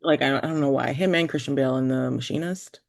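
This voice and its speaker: Woman, podcast guest; meandering, many "like"s, some vocal fry, dry close recording. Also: very deep voice, quick pace, dry recording. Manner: rambling, filler-heavy, trailing off. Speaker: guest filmmaker. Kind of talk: casual podcast chat. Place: remote from the hosts, in New York.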